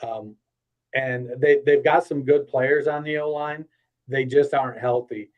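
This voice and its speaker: A man's voice: mid-range voice, steady tone, unhurried, lo-fi sound. A man appearing as a guest analyst on a podcast, talking bluntly and casually with salty jokes and a lot of fillers. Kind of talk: casual sports chat.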